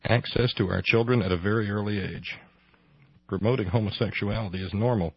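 A man's voice: on the low side, fairly quick, slightly rough, no echo, highs cut off. A man hosting a radio talk show, giving sarcastic, incredulous commentary into a close mic.

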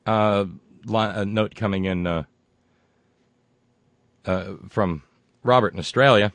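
A man's voice: on the low side, slow pace, fairly bright tone, dry recording. An older American man hosting a casual show, reading listener mail aloud with wry, digressive asides.

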